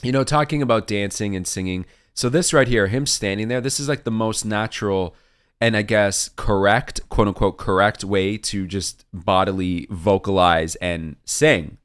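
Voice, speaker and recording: Low-voiced man gushing over clips. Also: normal speed, a bit bright, clear, resonant tone, dry recording, studio quality. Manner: chatty, gushing, thinks aloud. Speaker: reaction video host. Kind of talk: casual reaction commentary.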